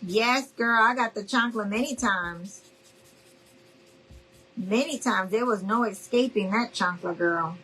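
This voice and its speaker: Slow, chatty craft host woman. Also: medium pitch, sharp tone, husky, soft background music, low-quality recording. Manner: chatty, addresses viewers as y'all, checks in with okay?. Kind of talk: live crafting demonstration.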